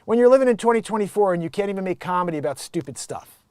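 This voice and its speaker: A man's voice: high-pitched, expressive, racing, a little mellow, clean tone, no echo. Middle-aged guy ranting, sarcastic, swears a lot, voice jumps all over, dead dry sound. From Connecticut. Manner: sarcastic, swearing, drifting into bits. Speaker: show host. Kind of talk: ranting comic monologue.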